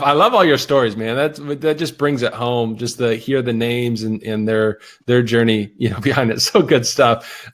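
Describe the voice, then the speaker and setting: A man hosting a live video interview, affirming his guest and reading viewer questions with lots of fillers. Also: mid-range voice. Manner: enthusiastic, affirming, many "like"s. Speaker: interview host.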